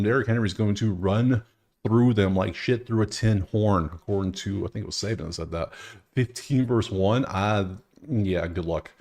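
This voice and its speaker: Young male host with a lowish voice for a casual betting breakdown, loose and chatty, thinks out loud. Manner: loose, talking to himself, swears.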